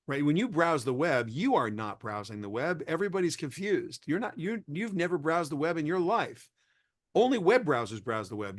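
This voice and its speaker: A man's voice: a little high, no room sound, clean studio sound. A man as an interview guest, explaining technology conversationally with everyday examples, often restarting his sentences. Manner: rambling, self-correcting, explains with everyday examples. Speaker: interview guest, tech expert.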